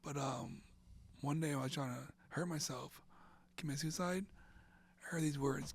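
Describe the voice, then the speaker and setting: Speaking a little slowly with frequent pauses, a middle-aged interview guest from central Florida rambles through an emotional story. He often says "and all of a sudden" and sometimes drops almost to a whisper, his fairly high voice fairly even in intonation and breathy at the edges.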